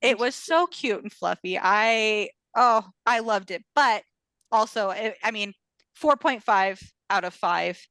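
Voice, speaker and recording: A woman's voice: medium pitch, measured pace, fairly bright tone, clear, resonant tone, dry recording. A woman co-hosting a podcast, chatting casually about fan fiction, acting out quotes and laughing often. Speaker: podcast co-host.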